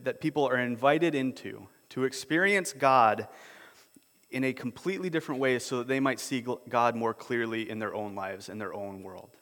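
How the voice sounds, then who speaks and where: A man preaching a sermon as a pastor, in a relaxed, conversational way, often repeating words as he restarts. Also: medium pitch. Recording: long hall reverb.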